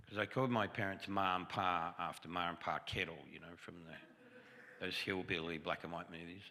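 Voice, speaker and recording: A man's voice: deep voice, fairly even intonation, moderate pace, pushed and bright, in a large hall. A man giving a testimony sermon in a conversational storytelling way, with self-deprecating humor. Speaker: guest preacher. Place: church sanctuary.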